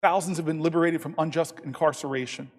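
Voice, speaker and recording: A man in his fifties giving a long floor speech as a senator, telling a story and quoting others in lively voices. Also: a little high, quick pace. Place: large legislative chamber. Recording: long reverb from a large chamber.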